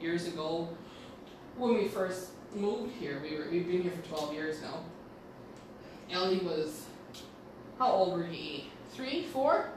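A woman's voice: fairly low pitch, lively intonation, slow, long pauses, background noise. A woman hosting a podcast, telling rambling stories in a blunt, casual way and swearing freely. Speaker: podcast host. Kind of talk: casual storytelling monologue. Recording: echoey room with faint ambience.

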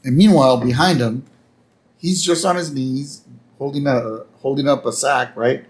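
A man's voice: mid-range voice, moderate pace. A man co-hosting a podcast, laid-back and chatty, agreeing with lots of "yep" as he recaps an episode. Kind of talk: casual chat.

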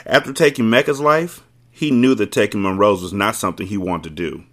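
Low-voiced man reading a novel aloud. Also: fairly quick, fairly bright tone. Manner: wry, joking asides. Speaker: host, book reader. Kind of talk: audiobook-style reading with commentary.

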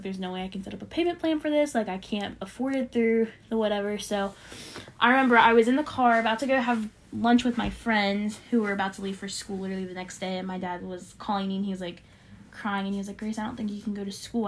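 A young woman casually telling a personal faith testimony on a podcast, animated and full of fillers, acting out what others said. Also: mid-range voice, vocal fry, slight background noise. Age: young adult. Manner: animated storyteller with many fillers, acting out quoted voices. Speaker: podcast co-host sharing a testimony.

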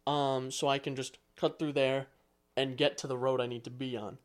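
A man's voice: mid-range voice, little pitch movement, normal speed. A man co-hosting a podcast in casual chat, ranting bluntly with plenty of swearing. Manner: blunt, profane, grumbling rants. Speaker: podcast co-host.

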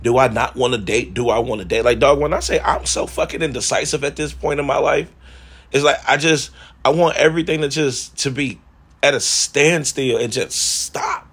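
A man's voice: mid-range voice, moderate pace, fairly bright tone, slightly rough. A man talking candidly in a rambling, profane personal monologue.

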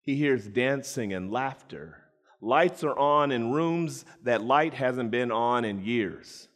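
A man's voice: medium pitch, slow. A man preaching a sermon, retelling a story dramatically and joking with his listeners. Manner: dramatic storytelling, jokes with the congregation. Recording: echoey hall.

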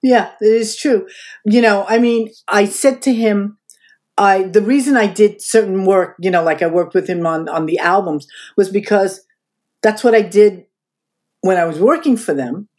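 In a podcast interview, an older female guest tells stories about things that happened to her, bringing them to life by acting out quoted voices. She speaks at normal speed in a mid-range voice.

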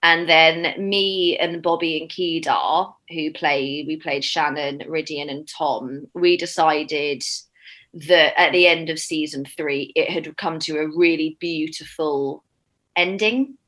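Appearing over a video call as an actress guest in a casual interview, a young woman speaks in a low-pitched, steady, slightly bright voice at a slow pace. She's chatty and emotional, laughing through tears.

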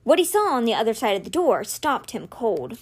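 Woman reading a novel, expressive narration, raised pitch, very lively delivery. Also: normal speed, breathy edge. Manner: expressive, animated storytelling. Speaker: audiobook reader.

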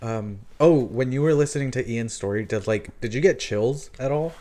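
A podcast co-host in casual chat among friends, playful and animated. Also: medium pitch, normal speed, crowd noise.

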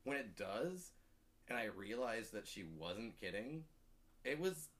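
Low-voiced man rambling casually. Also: very animated, a little slow, fairly bright tone. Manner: rambling, full of "like" and restarts. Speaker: podcast guest. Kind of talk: casual chat.

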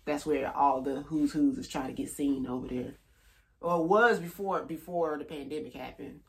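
A man's voice: fairly high pitch, moderate pace. Laid-back, laughing man comic. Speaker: stand-up comedian, podcast guest. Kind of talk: casual podcast chat.

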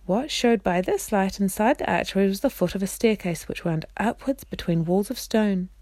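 A woman reading a children's novel aloud, steady, with small slips and restarts. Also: medium pitch, normal speed, dry recording. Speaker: reader.

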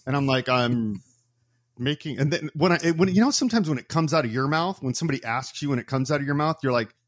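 A man's voice: a little high, racing, dry recording. Guy on a podcast telling a story, acts out his own rants, laughs at himself, dry close mic. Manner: animated, acts out his own past complaints. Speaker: podcast co-host. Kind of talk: casual storytelling chat.

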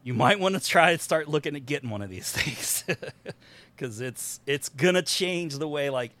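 A man hosting a podcast, talking in an animated, rambling casual way and laughing often. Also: on the high side, moderate pace, no echo. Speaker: podcast host. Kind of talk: excited casual chat.

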